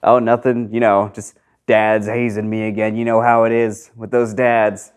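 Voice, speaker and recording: A man's voice: fairly low pitch, flat delivery, moderate pace, clean tone, natural voice. A man voicing a casual, easygoing teenage boy who agrees readily and keeps repeating filler words. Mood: cheerful.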